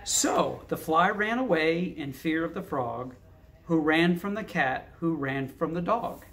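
A man's voice: fairly high pitch, expressive, measured pace, fairly bright tone. A man reading a picture book aloud, adding casual asides and thoughtful hums between lines. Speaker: narrator.

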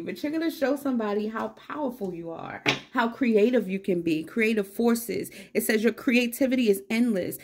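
Chatty woman reading tarot cards. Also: mid-range voice. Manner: upbeat, encouraging, chatty, talks straight to viewers. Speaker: tarot reader. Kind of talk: casual tarot card reading. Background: cat meowing.

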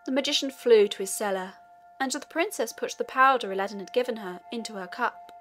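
A woman narrating a fairy tale audiobook in a steady storytelling manner. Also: on the high side, fairly quick, faint music behind.

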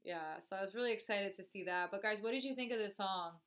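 A woman's voice: medium pitch, quick pace, a bit bright. Chatty woman vlogger with a cold. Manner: chatty, talks straight to viewers as "guys". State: has a cold. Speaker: dancer and reaction vlogger. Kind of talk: casual reaction chat.

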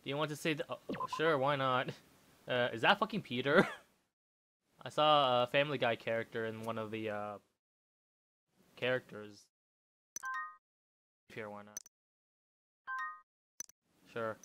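A man's voice: medium pitch, steady tone, measured pace, long pauses, bright, forceful tone, a little hiss or hum. A man giving casual gameplay commentary, thinking aloud and chuckling as he plays. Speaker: let's player. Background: game music.

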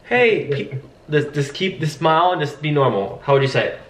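A man's voice: fairly high pitch, expressive, quick pace, a bit bright, echoey room. A man coaching sales agents in a casual way, acting out friendly phone greetings. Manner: acts out upbeat phone greetings. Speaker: sales trainer.

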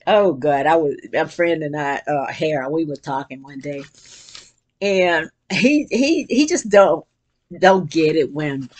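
A woman's voice: low-pitched, unhurried. An older woman in earnest, rambling reflection. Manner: earnest and rambling, with frequent restarts and bursts of excitement. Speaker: vlogger reading and reflecting on quotes. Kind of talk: casual spiritual reflection.

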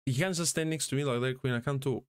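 A man chatting excitedly on a live gaming stream, reading the chat aloud and laughing often. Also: mid-range voice, fast talker, clean tone, dry recording, studio quality.

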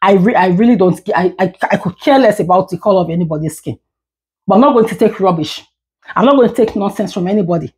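A woman's voice: medium pitch, fast talker, darkish tone. A woman in her thirties, a parent vlogger, ranting to the camera in a candid, emphatic way, often repeating words when heated. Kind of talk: candid talking-head rant.

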